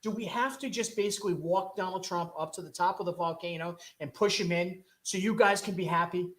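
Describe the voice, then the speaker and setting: A man's voice: high voice, brisk, hardly any pauses, a bit bright. A man hosting a talk show, delivering a rambling, impassioned political monologue full of rhetorical questions from a studio. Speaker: host.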